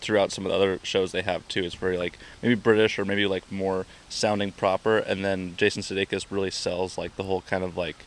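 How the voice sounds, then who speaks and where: A man's voice: low voice, level tone, brisk, hardly any pauses. A young man co-hosting a podcast, talking loosely and hedging, with a lot of filler words. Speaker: podcast co-host. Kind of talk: casual chat.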